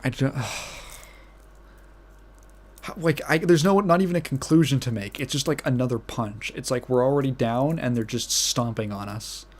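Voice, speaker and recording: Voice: mid-range voice, brisk, few pauses, a little mellow. A podcast host ranting casually, outraged and incredulous, swearing and repeating phrases with bursts of laughter.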